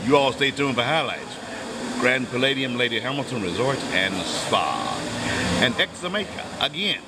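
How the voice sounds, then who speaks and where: A man's voice: medium pitch, big pitch swings, normal speed. A man vlogging casually from a resort balcony, joking and laughing in a laid-back way. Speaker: travel vlogger. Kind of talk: casual travel vlog chat. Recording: noisy outdoor ambience.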